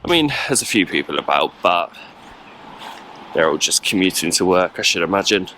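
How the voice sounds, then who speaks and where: A man's voice: low-pitched, big pitch swings, moderate pace, sharp tone, slight background noise. A man from England, chatting rambly on a travel vlog while walking outdoors in the cold with a handheld camera. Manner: rambling, chatty, lots of fillers. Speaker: travel vlogger. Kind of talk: casual vlog chat. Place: outdoors in a cold old town.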